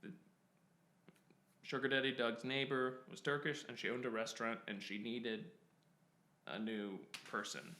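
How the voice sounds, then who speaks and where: A man's voice: medium pitch, steady tone, unhurried, pauses often, bright, forceful tone. A young man in his twenties telling a rambling personal story, stopping and restarting often and laughing at himself. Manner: self-interrupting, laughs at himself, many fillers. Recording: roomy echo.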